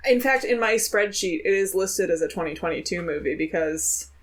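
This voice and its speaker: A woman's voice: fairly low pitch, expressive. Playful joking woman podcast co-host. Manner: playful, joking, quick with punchlines. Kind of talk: casual podcast chat.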